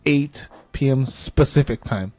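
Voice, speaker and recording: A man hosting a casual fan chat, excitable and swearing freely. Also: medium pitch, measured pace. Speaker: host.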